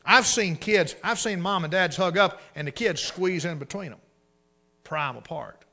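A middle-aged male pastor preaching a sermon, swinging from hushed asides to loud, emphatic bursts. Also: high-pitched, moderate pace, gravelly.

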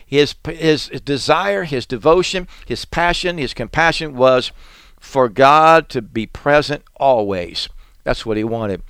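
A man's voice: mid-range voice, slow, fairly bright tone, smooth, no echo. A male preacher delivering a sermon with rhythmic, repetitive phrasing, his volume swelling and falling as he reads and chants scripture. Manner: chanting litanies and reading scripture aloud.

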